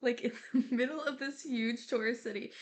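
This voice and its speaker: A young woman doing quiet ASMR rambling in a casual, giggly way, full of fillers. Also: on the high side, a little fast. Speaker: YouTuber.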